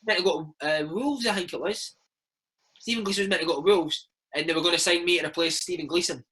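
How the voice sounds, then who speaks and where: Man, Scottish accent, 30s, casual interview, chatty storyteller, bright, husky. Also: a little high, fast, low-quality recording. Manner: chatty storyteller, peppers speech with "mate" and "man". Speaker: former footballer, interview guest.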